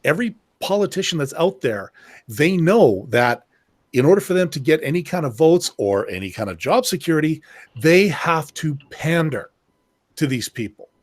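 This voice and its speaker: A man's voice: on the high side, expressive, normal speed. A man co-hosting a podcast in casual political chat, rambling and searching for his words. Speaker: podcast co-host.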